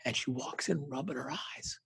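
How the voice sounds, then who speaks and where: A man's voice: mid-range voice, normal speed, vocal fry, fairly bright tone, slightly rough. A middle-aged man and motivational speaker telling his personal story as a guest, intense and emphatic with punchy repeated phrases.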